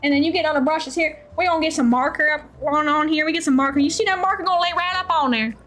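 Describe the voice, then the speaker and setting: A folksy painter with a put-on Southern U.S. drawl, as a woman plays him. The voice sits high and keeps dropping little words in a homespun way. Faint music plays in the background. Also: fast talker, a bit bright.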